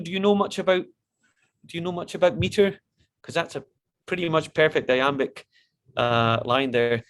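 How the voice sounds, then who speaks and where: A man's voice: mid-range voice, a bit bright. A man leading an online poetry workshop over a video call, chatty and encouraging, with frequent restarts.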